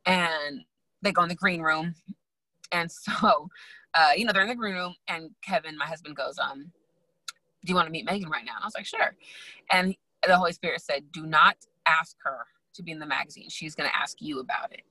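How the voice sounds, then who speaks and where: A young adult woman, a guest and magazine founder, telling her story in a lively way, acting out quoted voices and laughing often. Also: sits low, brisk, dry recording, rough recording. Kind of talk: animated storytelling in casual chat.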